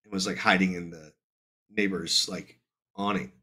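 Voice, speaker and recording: A man's voice: deep voice, normal speed, husky. A man casually telling a family story on a podcast, acting out the voices. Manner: animated, acts out every voice.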